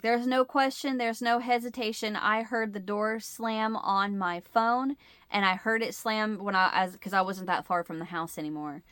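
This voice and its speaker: A woman's voice: medium pitch, bright, forceful tone, smooth, no echo. Rambling middle-aged woman chatting to viewers. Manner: rambling storyteller, loses her words and restarts. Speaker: host of a crochet channel. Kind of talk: casual chat to viewers.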